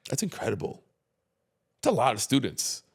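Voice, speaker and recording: A man hosting a casual podcast conversation, talking emphatically and getting animated when he makes a point. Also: medium pitch, normal speed, creaky, slightly rough. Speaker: podcast host.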